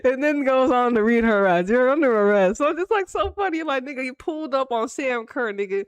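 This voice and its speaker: A woman giving casual, profane football reaction commentary in rapid, animated banter. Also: sits high, smooth, dry recording, dull audio.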